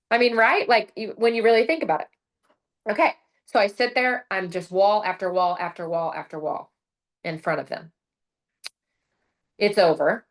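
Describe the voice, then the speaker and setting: A middle-aged woman giving a casual motivational talk over a video call. She tells her story with lively energy, acts out her own lines and often says "like" and "right?". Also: mid-range voice, normal speed. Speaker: presenter sharing her sales story.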